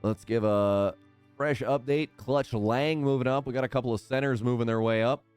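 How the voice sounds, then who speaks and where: A man's voice: mid-range voice, fairly even intonation, normal speed, a little mellow, smooth, soft background music. A man hosting a live stream, calling out names in a hype sports-announcer manner.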